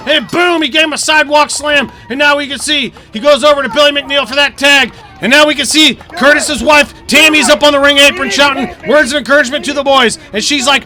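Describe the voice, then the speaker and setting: A man doing crude, excitable play-by-play commentary at an outdoor backyard wrestling show, often shouting and swearing. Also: extremely high pitch. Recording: loud crowd noise outdoors. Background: cheering crowd.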